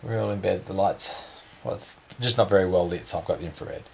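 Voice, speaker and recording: In a home bedroom at night, a man with a low, creaky, slightly mellow voice chats fairly quickly to the camera for a family vlog. He's playful and talkative, slipping into baby talk, and the recording is rough.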